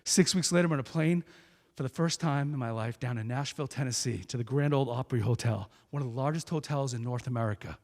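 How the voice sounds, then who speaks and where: A man from New Hampshire giving a motivational speech, telling a story with lively delivery and acting out each character. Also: medium pitch, quick pace, big-room sound. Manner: animated, acts out every character. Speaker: guest speaker.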